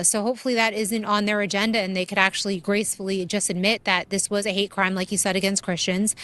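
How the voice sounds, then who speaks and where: A woman's voice: mid-range voice, fairly bright tone. Earnest woman co-hosting a news show. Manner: earnest, many fillers and restarts. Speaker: news co-host. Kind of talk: conversational news commentary.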